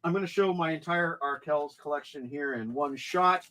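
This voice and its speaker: A man with a fairly high voice, speaking at normal speed, co-hosts a livestream and talks up his CD collection with lively enthusiasm. The recording has no room sound.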